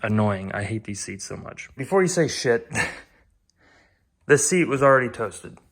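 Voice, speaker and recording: A young man talks through his car project in a loose, blunt vlog manner. He swears freely and pokes fun at himself. His voice sits at an everyday middle pitch. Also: lively intonation, measured pace, vocal fry. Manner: blunt, swearing, self-deprecating. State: out of breath. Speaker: car vlogger. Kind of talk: casual vlog. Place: home garage.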